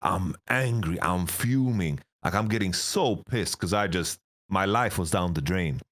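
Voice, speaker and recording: A man in his thirties, a guest telling profane, rambling stories in a casual interview, his voice getting raspy. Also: low voice, expressive, measured pace, fairly bright tone. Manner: rambling, profane, laughing storyteller. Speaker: esports coach, interview guest.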